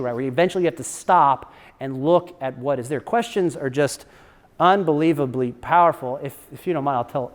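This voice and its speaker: A man's voice: a little high, in a large hall. A man speaking as a guest lecturer to a campus audience, in a casual, chatty storytelling way. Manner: casual, chatty, laughs at his own stories.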